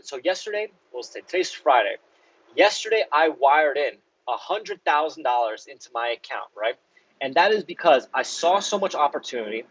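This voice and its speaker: A man's voice: on the high side, breathy edge, no room sound, dull audio. A man, a stock trader, explaining his trades in a blunt, heated, swearing way, often tagging lines with "right?". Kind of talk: casual profane explainer.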